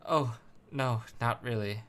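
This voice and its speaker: A man's voice: mid-range voice, slow pace, a bit bright, slight background noise. A man reading as a polite young boy. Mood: earnest.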